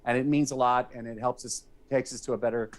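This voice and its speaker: A man's voice: medium pitch, fairly even intonation, fast. A man talking casually on a TV after-show, thankful and emotional, rambling with many restarts. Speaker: entertainment reporter. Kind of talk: casual on-air chat. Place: TV studio.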